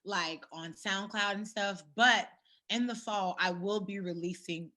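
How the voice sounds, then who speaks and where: A woman singer, a guest on a video call interview, talking in an easygoing, soft-spoken way. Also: medium pitch, unhurried.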